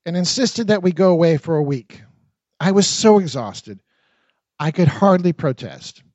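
A man narrating his own memoir in an expressive, dramatic audiobook reading. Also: sits high, no echo. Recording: dull, lo-fi dry recording.

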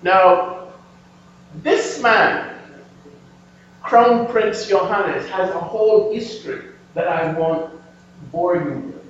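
A man delivers an animated history lecture in a high voice, taking his time over each point as he turns to the audience. He sounds far from the mic, his voice bouncing around a large hall. The recording is dull and lo-fi, with a faint hum underneath. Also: slow pace, long pauses. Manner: animated, emphatic, addresses audience.

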